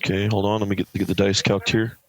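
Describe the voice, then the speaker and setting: A man's voice: on the low side, little pitch movement, fast talker, slight background noise, low-quality recording. A man from California who runs a tabletop game, narrating scenes with lots of fillers and self-corrections. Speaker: game master.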